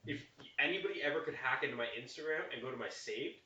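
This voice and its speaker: A man's voice: medium pitch, quick pace, bright, forceful tone. Young dude teasing his friends, far from the mic, echoey room, lo-fi sound. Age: young adult. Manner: teasing, mock-apologetic, argumentative. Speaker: podcast co-host. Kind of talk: casual chat among friends. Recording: roomy, distant, dull lo-fi mic.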